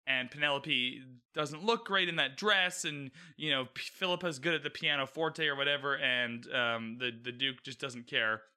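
A man talking through a book and its show adaptation in loose, animated commentary. His voice sits a little high and sounds very bright and forceful. He swears freely and keeps checking in with the listener. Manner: animated, swearing, frequent "you know what I mean". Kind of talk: casual reaction commentary.

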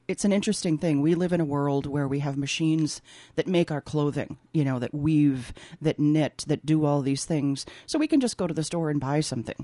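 In a radio studio with no echo, a woman with a low voice and dark tone chats casually and animatedly as a guest, often laughing. She's a textile artist and opera singer.

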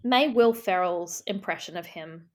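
A woman's voice: fairly low pitch, unhurried. A woman, improvising a mock-earnest comedy interview, rambling through many restarts.

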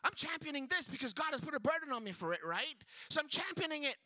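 A man preaching a sermon as pastor, swinging between loud shouted passages and hushed near-whispers and acting out quoted voices. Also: extremely high pitch, sing-song, quick pace, dry recording, studio quality.

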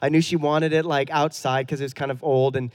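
Male pastor in his thirties; casual, self-deprecating storyteller preaching, voice sits a touch high. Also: level tone, brisk, clear, resonant tone. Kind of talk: sermon.

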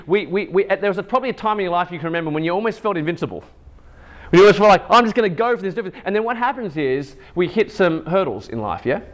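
A man in his thirties with a high voice delivers a chapel sermon as a lively personal story. He acts out each quoted voice, pitching up for them. His talk comes in short, loose phrases. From Asian heritage. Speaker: chapel speaker.

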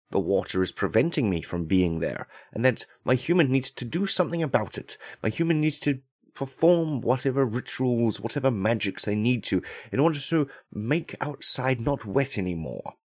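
A man's voice: medium pitch, a little mellow, no room sound, clean studio sound. A man voicing a pompous, self-important male house cat in a comedic monologue, with grand, haughty, formal speech.

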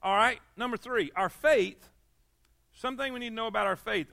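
A preacher man with a high, ringing voice leads an evening church sermon. He talks in a folksy, repetitive way and keeps calling for amens. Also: a little fast, gravelly, bright, forceful tone, dry recording, clean studio sound. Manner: folksy, repeats phrases, calls for amens. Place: church service.

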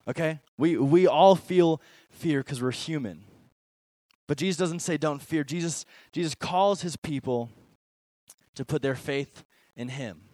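Animated young male youth pastor. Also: fairly high pitch, dry recording. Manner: animated, conversational, swings between loud emphasis and quiet. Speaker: junior high pastor. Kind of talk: sermon to middle schoolers.

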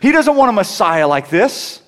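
Younger guy preaching, chatty sermon, lots of restarts, slightly high voice. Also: big pitch swings, normal speed, a bit bright. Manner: conversational, with many restarts and rising emphasis. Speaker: pastor.

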